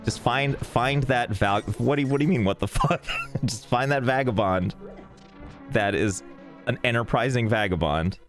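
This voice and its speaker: A man's voice: mid-range voice, normal speed, soft background music. A man streaming a video game live, chatting and joking with chat in a rambling, irreverent way, swearing freely. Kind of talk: casual live-stream banter while gaming.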